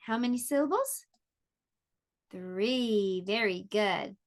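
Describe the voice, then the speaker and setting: A woman teaching an online pre-K lesson, speaking gently and encouragingly and sounding words out clearly for young children. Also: mid-range voice, lively intonation, slow pace.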